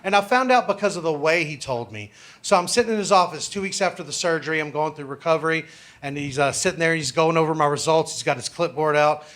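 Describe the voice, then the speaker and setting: A man's voice: a little high, quick pace, a bit bright. A man doing a stand-up set in a comedy club, telling a story loosely and building to exasperated punchlines.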